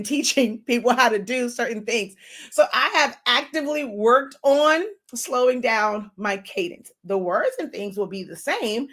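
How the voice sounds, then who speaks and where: A woman in her thirties, an online design instructor, giving a casual, chatty lesson, talking fast with laughs between phrases. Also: on the high side, a bit bright. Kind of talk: casual teaching talk.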